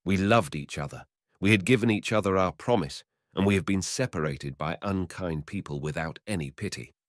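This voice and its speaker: A man voicing a young lovesick barber who pleads in a quavering voice that jumps high when he is upset. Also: moderate pace, no echo, clean studio sound, close to an everyday voice. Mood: pleading. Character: young lovesick male barber, timid and tearful.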